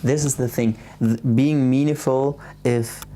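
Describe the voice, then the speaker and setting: A young man with a German accent hosting a casual late-night livestream, reading viewer comments aloud and answering in a soft, hesitant way with many restarts. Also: mid-range voice, steady tone, a little slow, slight background noise. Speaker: livestream host.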